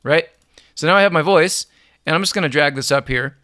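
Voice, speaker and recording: A man giving an upbeat, relaxed music production software tutorial, chuckling now and then as he explains. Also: a little high, a little fast, no echo, clean studio sound. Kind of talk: screen-recorded software tutorial.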